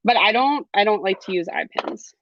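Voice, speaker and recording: A woman's voice: mid-range voice, lively intonation, normal speed, fairly bright tone, no room sound, highs cut off. A young adult woman teaching a live beading class, chatty, with frequent ums and laughs. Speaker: jewelry class instructor. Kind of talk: live online craft class.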